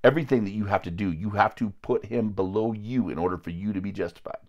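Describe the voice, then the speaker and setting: A man with a fairly low voice preaching to a small group in a loose, conversational way. He talks bluntly and confrontationally, drops the odd crude word, and often restarts his sentences. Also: fast talker, lo-fi sound. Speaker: lay preacher.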